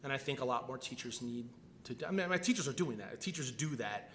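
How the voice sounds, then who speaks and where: A man's voice: mid-range voice, a little fast, slight background noise. Man telling a story on a panel. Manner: animated storytelling, many restarts. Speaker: panelist teacher. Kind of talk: panel discussion. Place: convention panel room. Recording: echoey convention hall.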